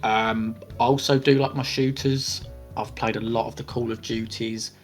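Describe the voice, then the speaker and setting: A man co-hosting a podcast, answering listener questions in a measured, hedging way as he thinks aloud. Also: medium pitch, flat delivery, soft background music. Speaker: podcast co-host. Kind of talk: casual Q&A chat.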